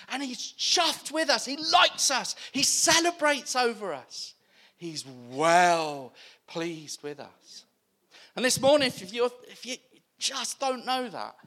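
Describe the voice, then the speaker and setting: A British man delivering a sermon with a high, bright, ringing voice. He preaches at an unhurried pace, ranging between hushed whispers and impassioned near-shouts.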